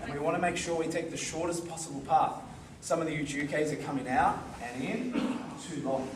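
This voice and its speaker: Male karate instructor, slightly high voice, demonstrates and checks in often; distant mic, faint hiss. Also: a little fast. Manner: demonstrating, constantly checks in with the group. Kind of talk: teaching a seminar class. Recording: echoey hall, recorded from far off.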